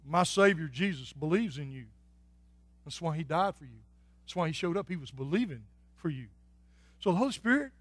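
A male pastor preaches in a folksy, homespun way, his voice sitting high for a man. He sinks to near murmurs and climbs back to shouts. The sound is close and dry, with no room around it. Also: no echo. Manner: folksy, swings from soft and low to loud and shouting. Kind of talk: sermon.

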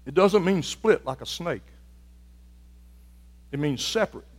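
A man preaching a sermon as a pastor, building from quiet, reflective talk to loud, fervent shouting. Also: a little high, lively intonation, measured pace, big-room sound. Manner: preaching with rising fervor, shouting at peaks.

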